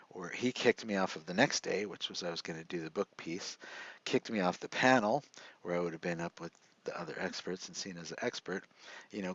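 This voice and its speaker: A man's voice: on the low side, no room sound. A middle-aged man, a show host, earnestly telling a personal story, rambling with many restarts. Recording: dull lo-fi sound.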